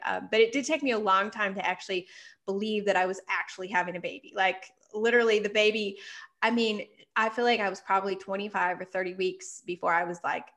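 A woman's voice: medium pitch, steady tone, fairly quick, a bit bright. A woman in her thirties, a parenting author, telling an earnest personal story in an interview and acting out quoted lines.

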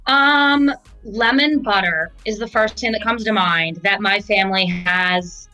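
A woman's voice: medium pitch, a little slow, pushed and bright, dull audio, faint music behind. A young woman co-hosting a podcast, chatting casually with lots of "like" fillers. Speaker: podcast co-host. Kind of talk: casual chat.

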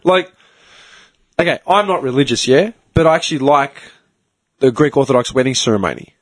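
A man's voice: medium pitch, animated, fairly quick. A man, chatting animatedly as a podcast co-host, laughing and swearing freely. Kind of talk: casual chat.

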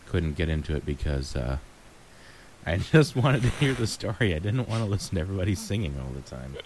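Very deep-voiced man musing casually. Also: brisk, a little hiss or hum. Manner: relaxed, musing, frequent ums and light laughs. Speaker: co-host reviewing a movie. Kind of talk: casual chat.

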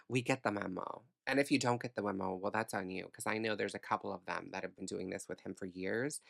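A woman's voice: very deep voice, gravelly, fairly bright tone, dry recording. A woman in her late twenties, hosting a podcast and delivering a blunt, profane rant. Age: 20s. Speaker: podcast host.

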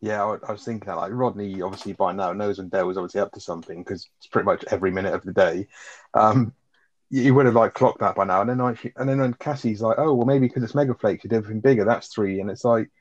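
Co-hosting a podcast, a man fast-talks through a casual discussion of a sitcom episode, full of fillers and the odd curse word as he rambles. His voice sits on the low side, in dull, lo-fi audio.

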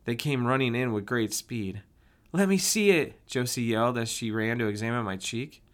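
A man narrating a first-person story in a steady, plain way. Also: mid-range voice, moderate pace. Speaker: audiobook narrator.

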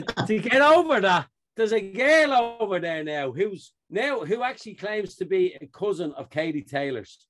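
A man co-hosting a casual podcast, chatting with friends and telling animated stories, laughing often and acting out what others said. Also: high voice. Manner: animated storyteller, laughs often, acts out quotes. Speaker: podcast co-host. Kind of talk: casual banter among friends.

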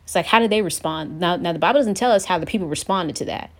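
A young Christian speaker gives an earnest devotional talk in a lowish, quick-paced voice, sometimes acting out the voices of the people she quotes.

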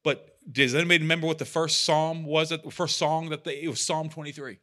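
Bright-voiced chatty man preaching. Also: a little high, fairly even intonation, fast talker. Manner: chatty, rambling, self-deprecating asides. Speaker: pastor. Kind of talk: casual sermon talk.

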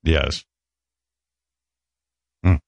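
A man hosting a radio talk show, brash and animated, swearing freely as he trades banter. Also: very slow, dry recording. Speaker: radio host.

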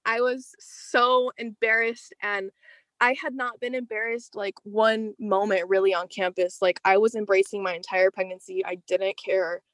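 In a casual interview, a young teenage woman shares a personal story with animated chatter and frequent "like." The mid-range voice moves at normal speed, and there's no echo.

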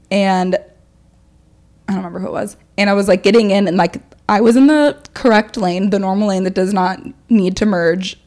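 A young woman co-hosting a podcast, telling stories in casual chat and reading listener emails aloud. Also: medium pitch. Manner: animated storyteller, reads listener emails aloud. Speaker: podcast co-host.

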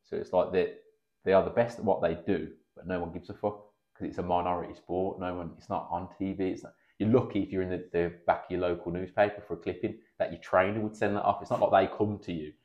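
A man's voice: sits low, flat delivery, fast, darkish tone. A man in his thirties, a podcast guest telling stories in a chatty way, swearing freely and acting out what people said. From England. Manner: chatty, swears freely, acts out quoted dialogue. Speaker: podcast guest, kickboxing coach. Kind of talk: casual podcast storytelling. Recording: slightly dull lo-fi podcast audio.

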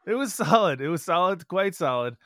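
A man hosting a podcast interview, asking animated, rambling questions. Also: high voice, a little fast, dry recording, clean studio sound. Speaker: podcast host. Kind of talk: casual interview chat.

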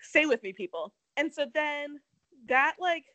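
A young woman with a fairly high voice chats casually on a podcast. She tells the story with lots of "like" and acts out the quotes, and her voice sounds close and dry. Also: expressive, a little slow, sharp tone, dry recording, dull audio. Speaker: podcast co-host. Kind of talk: casual chat.

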